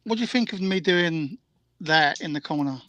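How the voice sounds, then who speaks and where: A man's voice: fairly high pitch, lively intonation, moderate pace, sharp tone, dry recording. A cheerful man chatting casually with friends while drawing, laughing often. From Britain. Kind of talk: casual chat.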